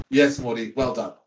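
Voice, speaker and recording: A man's voice: mid-range voice, slight background noise, voice pushed down, close to an everyday voice, poor audio. A man playing a flippant parakeet. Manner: flippant, laughing, swearing. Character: flippant young male parakeet, sold as pet.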